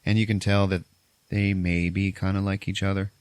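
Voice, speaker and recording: A man hosting a podcast, casually retelling a film's scenes, swearing freely and slipping into quick voices for the characters. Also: low voice, level tone, clean tone, no room sound. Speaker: podcast host. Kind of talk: casual movie recap.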